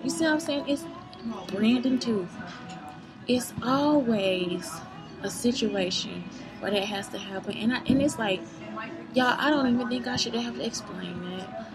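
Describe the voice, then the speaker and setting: A woman vents to her viewers in a rambling, unscripted, profane monologue, heated and circling back on herself while repeatedly asking "you see what I'm saying?" Her pitch is fairly high and her pace a little slow, with music in the background and poor audio.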